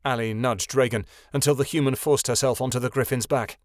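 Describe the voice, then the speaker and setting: Reading scripted narration from a fantasy audiobook, a man with a mid-range voice delivers it in a measured yet expressive way. The recording is dry.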